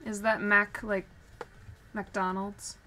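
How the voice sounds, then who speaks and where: A woman streaming casually while drawing, chatting and laughing often, getting animated when she tells a story. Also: medium pitch, takes it slowly, a little hiss or hum.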